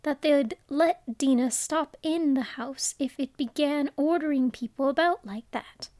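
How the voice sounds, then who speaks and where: A woman's voice: high-pitched, a little slow, darkish tone, dry recording. A woman voicing Alice, an earnest, curious young girl talking to herself in a storybook reading. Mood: musing.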